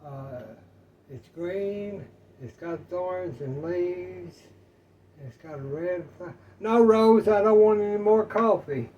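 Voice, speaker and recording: A muddled old husband, put on by a man telling a joke, fumbles his words with halting pauses. The speech is slow and slightly raised, and the voice sits a little off-mic. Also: a little high, far from the mic, dull audio, slight background noise. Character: confused old husband with dementia.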